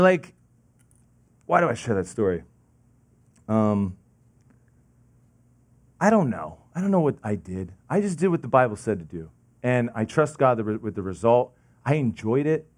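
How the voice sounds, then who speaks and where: A young man preaching a sermon, telling a personal story in a casual, halting way, full of fillers and restarts. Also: medium pitch. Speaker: pastor.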